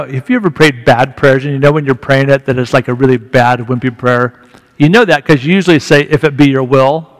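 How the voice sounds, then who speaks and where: A man speaking as a guest at a church, telling a story to the congregation in a candid, conversational way with rising emphasis. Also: medium pitch. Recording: reverberant church hall.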